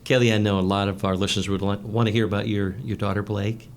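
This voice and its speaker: A man hosting a radio show, asking a guest questions in a calm, conversational way. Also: lowish voice, quick pace, a little hiss or hum. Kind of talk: interview questions.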